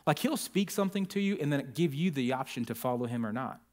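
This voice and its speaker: A man preaching a sermon as pastor, telling stories with lively acted quotes to his congregation. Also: medium pitch, fast. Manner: animated storytelling with acted quotes. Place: church.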